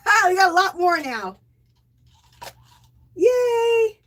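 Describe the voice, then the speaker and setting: High-pitched giggly lady hosting a craft live from home, voice bouncing all over. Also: expressive, moderate pace, a bit bright. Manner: bubbly, laughs often, thanks viewers by name. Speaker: livestream host of a knitting and crochet show. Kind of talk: casual livestream chat with viewers.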